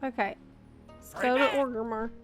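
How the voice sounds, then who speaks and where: A woman's voice: a little high, fairly even intonation, fast, soft background music. A woman in her thirties streaming a game, chatting casually with her chat. She laughs often and swears casually. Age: 30s. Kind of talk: casual live-stream chat while gaming.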